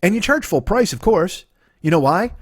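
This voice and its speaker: A man's voice: sits high, very animated, moderate pace, slight background noise. A middle-aged man, a comedian hosting his own podcast, ranting solo in a rambling, profane, argumentative way from home.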